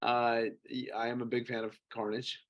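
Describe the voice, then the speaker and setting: A man's voice: medium pitch, little pitch movement, normal speed, fairly bright tone. A man on a podcast, chatting casually in a skeptical, teasing way. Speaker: podcast co-host. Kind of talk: casual chat.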